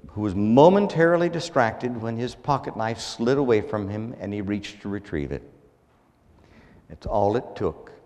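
A man preaching a sermon as pastor, measured and earnest, his phrases falling at the ends. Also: on the low side, a little mellow, in a large hall.

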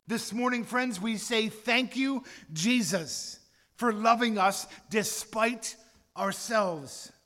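A man's voice: very high-pitched, sharp tone. A man preaching a sermon as a pastor, earnest and repeating his address to the listeners. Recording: long hall reverb.

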